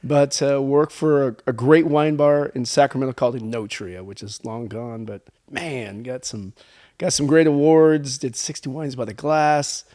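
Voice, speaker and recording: A man's voice: mid-range voice, moderate pace, hardly any pauses. A man, a podcast guest, casually telling stories and acting out quoted conversations. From California. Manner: animated storyteller acting out quoted exchanges. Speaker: podcast guest, wine label owner. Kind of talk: casual storytelling chat.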